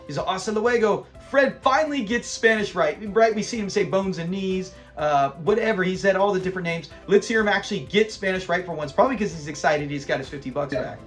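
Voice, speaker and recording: A high-sitting male voice recaps a sitcom episode casually for his own channel, animated and talkative as he performs the characters' dialogue.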